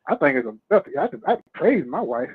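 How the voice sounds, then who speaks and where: A man talks fast over a tinny phone line, his voice sitting a bit high. He is animated and streetwise, checking in with his listener again and again. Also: slightly rough. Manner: animated, streetwise, "you know what I mean". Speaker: guest. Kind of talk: casual radio talk.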